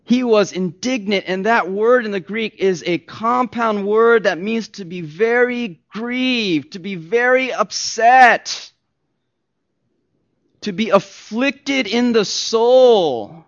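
A pastor preaching a sermon, emphatic and swinging from soft asides to loud stressed points. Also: male voice, high voice, slow. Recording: dull lo-fi recording.

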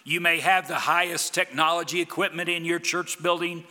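A man preaching a sermon as a pastor, emphatic, with big swings from loud declarations to quiet, low lines. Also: steady tone, normal speed, in a large hall.

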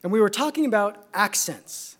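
A man with a Californian accent preaching a sermon, measured and emphatic, building his points through repeated phrases. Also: high voice, animated, fairly bright tone.

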